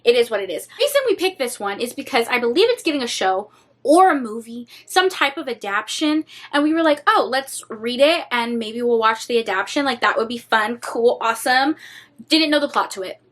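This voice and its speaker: A young woman chatting casually in a reading vlog, dramatic and animated, swearing freely. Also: a little high, brisk. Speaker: book vlogger.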